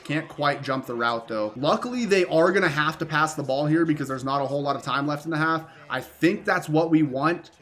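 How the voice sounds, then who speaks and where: Young male gaming creator, bright and slightly high voice, excitable play-by-play with frustrated outbursts. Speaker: gaming YouTuber. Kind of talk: live gameplay commentary.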